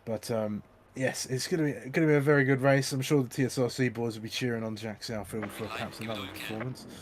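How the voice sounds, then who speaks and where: A man's voice: medium pitch, steady tone, quick pace, slight background noise. A man as co-commentator on a sim race, giving loose analysis with many restarts. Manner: rambling analyst talk with hesitant restarts.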